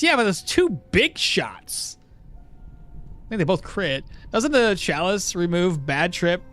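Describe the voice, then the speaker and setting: A man's voice: sits high, fairly bright tone. Male streamer, casual running commentary over faint game music, bouncy delivery. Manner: chatty, reads and answers chat while playing. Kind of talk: casual live gameplay commentary.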